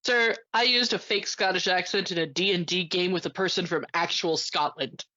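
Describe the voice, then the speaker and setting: A man's voice: high voice, moderate pace, sharp tone, dull audio. A man co-hosting a podcast in casual banter, teasing in a wry, dry way. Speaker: podcast co-host.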